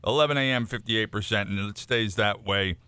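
Radio morning co-host, man, bright tone, wry and teasing, halting delivery. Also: fairly low pitch, clean tone, dry recording. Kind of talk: casual on-air banter.

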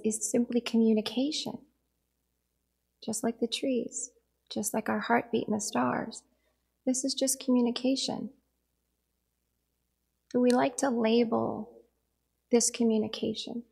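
A woman's voice: on the high side, gravelly, warm tone, breathy edge. A woman in her forties giving a reflective dharma talk, telling a personal story in an earnest, storytelling manner.

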